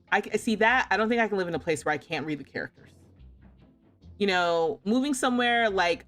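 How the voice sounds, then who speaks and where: A woman's voice: mid-range voice, a bit bright. A young American woman streaming a game, casually telling a travel story, laughing often and acting out the voices of people she quotes. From United States. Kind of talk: casual storytelling while gaming.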